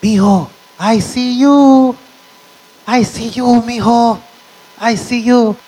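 A man putting on a high, thin old grandfather calling out. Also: fairly even intonation, takes it slowly, mellow, slightly rough, heavily acted, low-quality recording. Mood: tender. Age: older. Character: frail elderly grandfather, doting and insistent.

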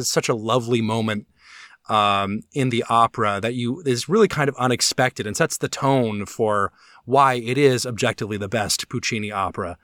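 Recorded dry with clean studio sound, this man co-hosts a podcast and chats casually. He's enthusiastic and rambling, restarting often and using lots of fillers, in a mid-range voice with a fairly bright tone.

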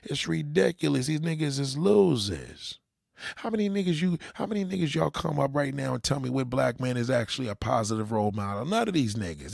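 A man's voice: fairly high pitch, creaky, slightly rough, no echo, clean studio sound. A man delivering an angry, profanity-heavy rant as a commentator, talking straight to his audience.

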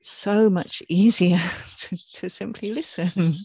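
A woman co-hosting a podcast in a calm, conversational way. Her voice is gravelly, and her words drop away softly as she finishes a thought. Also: medium pitch, a little slow, a little hiss or hum. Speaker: podcast co-host.

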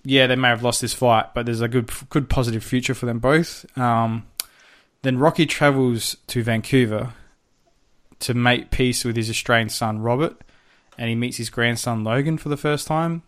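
Guy on a podcast going through a movie plot, lots of ums and restarts, mid-pitched voice. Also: fairly even intonation, moderate pace, fairly bright tone. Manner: rambling, many fillers and restarts, swears casually. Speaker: podcast co-host. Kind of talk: casual chat, recapping a film.

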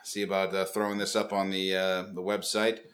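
Male podcast host, low voice, crude humor, dry delivery. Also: monotone, fairly quick, a bit bright, smooth. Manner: crude jokes, dry asides. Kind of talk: casual chat.

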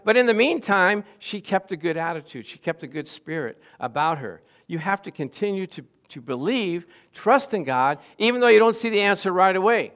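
A middle-aged man preaching a sermon, swinging between quiet asides and loud, emphatic lines and putting questions to the congregation. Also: on the high side, animated, a little fast. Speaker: pastor.

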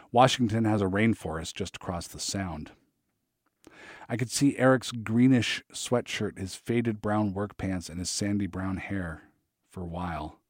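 A man narrating his memoir in a measured, reflective way. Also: on the low side, a little mellow, no echo, studio quality.

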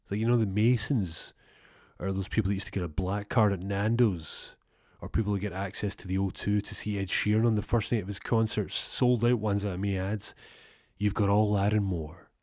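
Young guy, real low voice, dry close sound, rambling deadpan story where he does all the voices. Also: a little fast, no echo. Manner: rambling, deadpan, playing both sides of the conversation. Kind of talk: comic storytelling with acted-out dialogue.

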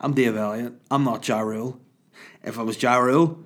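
A man in his thirties with a Northern Irish accent, hungover, telling crude, rambling, animated comic stories. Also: medium pitch, normal speed. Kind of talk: casual comic storytelling.

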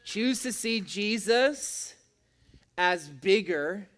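A man's voice: high-pitched, expressive, drawn-out words, fairly bright tone. A man preaching a sermon as a pastor, with an emphatic, repetitive cadence.

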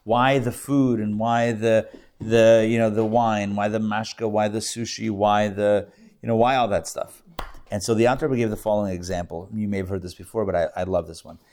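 A man's voice: lowish voice, fairly even intonation, normal speed, darkish tone. A rabbi, a man, teaching a live class to a group and telling a story with playful asides and jokes. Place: classroom with audience.

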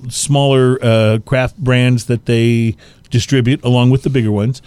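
A man co-hosting a casual chat show, relaxed and rambling with a self-deprecating humor. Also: mid-range voice, measured pace, clean tone, dry recording. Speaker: podcast co-host.

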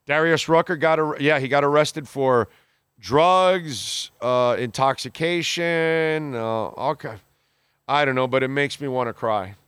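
A man's voice: medium pitch, measured pace, fairly bright tone, clear, resonant tone, no room sound, studio quality. A man hosting a radio show, reading listener messages aloud and giving blunt, opinionated takes, swearing casually and calling people bro. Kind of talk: casual call-in radio talk.

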